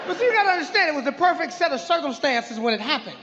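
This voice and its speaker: A man's voice: very high-pitched, sing-song, rapid-fire, hardly any pauses, over a noisy crowd, very noisy. A man telling his side of a story on stage as a guest, laughing and stumbling through a jokey delivery. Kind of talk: live stand-up storytelling. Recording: dull, echoey live show recording. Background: cheering audience.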